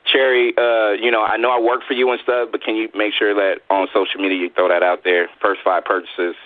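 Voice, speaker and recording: A man's voice: fairly low pitch, level tone, brisk, no room sound, phone-quality sound. A man co-hosting a live radio chat show, joking around, hyping up his guest and laughing often.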